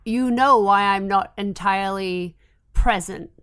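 A woman's voice: mid-range voice, unhurried, fairly bright tone, smooth. A woman co-hosting a podcast in casual chat while sick, giddy and wry as she talks. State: sick with a cold. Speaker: podcast co-host.

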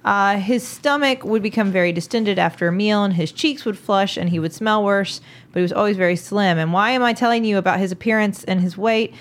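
A woman's voice: medium pitch, a little fast. A woman hosting a podcast, telling a history story in casual chat and laughing often. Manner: giggly, amused storyteller. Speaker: podcast host.

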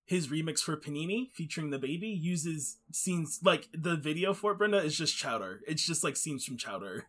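A man's voice: on the high side, animated, normal speed, fairly bright tone. A man co-hosting a laid-back podcast chat. He rambles through his points, stopping and restarting often, with plenty of fillers along the way. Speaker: podcast co-host. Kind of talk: casual chat.

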